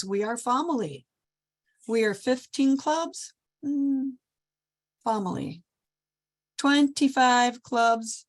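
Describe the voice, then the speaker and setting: Halting and earnest, a woman doing a Polish man who strings simple words together in broken English, with a Polish accent. The voice is pitched up and drawn out slowly, each phrase delivered with care. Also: heavily acted.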